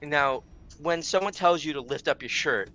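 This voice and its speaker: A man's voice: a little high, moderate pace, a little hiss or hum. An American man casually telling a story while streaming a game, laughing often, swearing and filling his talk with "like". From United States. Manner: animated, laughs often, swears, many "like" fillers. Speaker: streamer, host.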